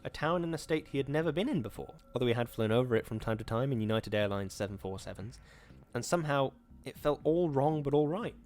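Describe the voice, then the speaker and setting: A man hosting a show, reading a horror story aloud in a steady, measured way. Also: mid-range voice.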